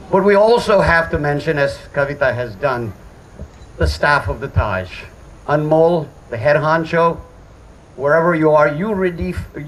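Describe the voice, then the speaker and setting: A man's voice: mid-range voice, fairly bright tone, a little hiss or hum, rough recording. A middle-aged man giving a father of the bride speech at a hotel wedding reception, joking and poking fun at himself. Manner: joking, self-deprecating.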